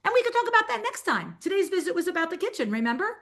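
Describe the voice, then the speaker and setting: A woman's voice: very high-pitched, very fast. An older woman coaching designers in a webinar, talking animatedly and acting out client conversations as she goes. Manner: animated, acts out client dialogues. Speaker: business coach for interior designers. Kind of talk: webinar teaching.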